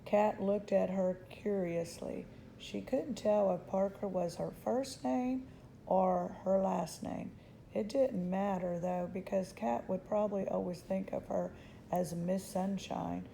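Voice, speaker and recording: A woman reading a children's novel aloud in a gentle, unhurried storytelling voice. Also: medium pitch, fairly even intonation, vocal fry, a little hiss or hum, low-quality recording. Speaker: storybook reader.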